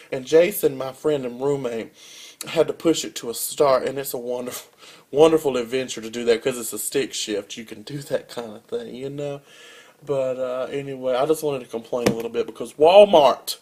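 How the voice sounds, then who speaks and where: A young man, a college student telling a comic rant as a casual vlog with big swings in pitch and loudness. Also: normal speed. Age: young adult. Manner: animated storytelling with wide swings in pitch and loudness.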